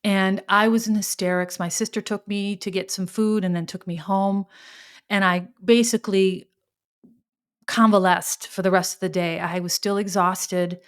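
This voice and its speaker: A woman hosting a podcast, telling a personal story in a reflective, halting way, with sighs and restarts. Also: medium pitch, fairly even intonation, clean tone. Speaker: podcast host.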